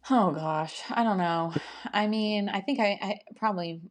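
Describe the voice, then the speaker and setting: A woman's voice: mid-range voice, normal speed. A woman who is a podcast guest, reflecting aloud in a casual interview.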